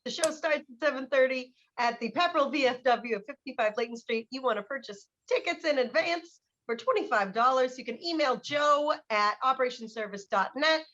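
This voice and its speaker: A woman's voice: a little high, fairly bright tone. A woman hosting an interview, upbeat and plugging an event. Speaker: host. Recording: dull lo-fi sound.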